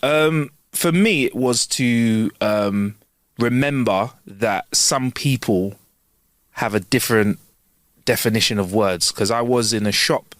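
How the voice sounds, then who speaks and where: A man co-hosting a casual podcast, telling stories with animated bursts and laughs. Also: mid-range voice, takes it slowly, dry recording. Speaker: podcast co-host.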